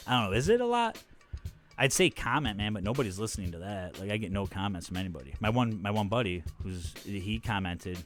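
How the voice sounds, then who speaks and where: A man's voice: on the low side, animated, brisk, faint music behind. A man hosting his own podcast in a casual comedic monologue, rambling, self-mocking and full of profanity. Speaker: podcast host.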